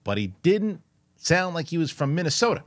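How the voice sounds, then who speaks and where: A man's voice: a little high, very animated, brisk, dry recording. A man co-hosting a podcast, chatting casually about a film with lots of restarts and some swearing. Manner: rambling, frequent restarts, swearing. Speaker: podcast co-host. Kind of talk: casual movie review chat.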